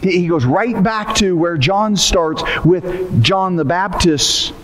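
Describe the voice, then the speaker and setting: High-voiced pastor in a reverberant church. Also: male voice, animated, slow pace. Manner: conversational, paraphrases scripture in everyday talk with humor. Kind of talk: sermon. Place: church sanctuary. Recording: long reverb of a church hall.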